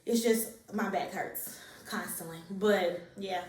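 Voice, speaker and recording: A woman's voice: medium pitch, slow. A young woman, a little short of breath, chatting casually and rambling with lots of fillers in a pregnancy vlog. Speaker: vlogger sharing a pregnancy update. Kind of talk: casual chat to camera. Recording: echoey room, distant mic.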